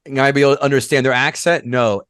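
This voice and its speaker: A man's voice: mid-range voice, steady tone, very fast, fairly bright tone, smooth. A man hosts a casual podcast, cracking irreverent jokes. His voice sits in the middle range and sounds close and dry, with no room echo. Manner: joking, irreverent. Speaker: podcast host.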